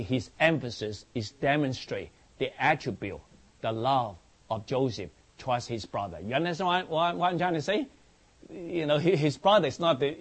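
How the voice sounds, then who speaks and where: Slow-paced preacher man. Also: medium pitch. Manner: repeats words and restarts, asks the congregation if they understand. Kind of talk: sermon.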